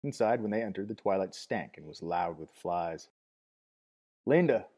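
A man narrates a novel in a low, mellow voice with a husky edge. His reading is steady and measured, with occasional small restarts. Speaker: audiobook narrator.

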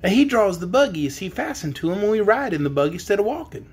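A man voices a plucky little storybook girl, curious and outspoken. Her voice is pitched well above the narration and moves animatedly. She speaks frankly, with a lively edge. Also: fast, husky, full character voice.

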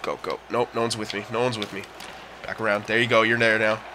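A young man commentating his own hockey video game, frustrated, yelling at teammates and sighing. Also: on the low side, level tone, quick pace, slight background noise. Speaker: gaming channel host. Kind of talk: live gameplay commentary.

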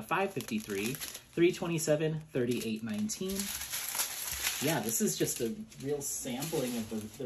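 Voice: mid-range voice, background noise. A hobby vlogger in a casual unboxing chat who gushes and rambles with many fillers and laughs, then reads out long runs of color numbers. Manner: chatty and gushing, with frequent fillers and laughs. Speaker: diamond painting hobby vlogger.

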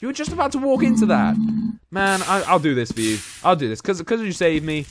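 A man's voice: sits high, big pitch swings, brisk, over music. A young man from England giving chatty Let's Play commentary, talking to the characters in the game and yelping when startled. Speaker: gaming YouTuber.

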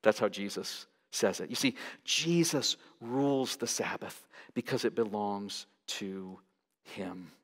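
A man preaching a sermon as pastor, emphatic, pushing his pitch up sharply to stress each point. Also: slow pace. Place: large church sanctuary. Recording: long hall reverb.

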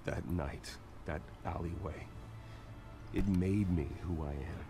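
An actor playing a grim, haunted masked vigilante in a video game, speaking low and tersely. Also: male voice, slow, noisy background. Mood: brooding.

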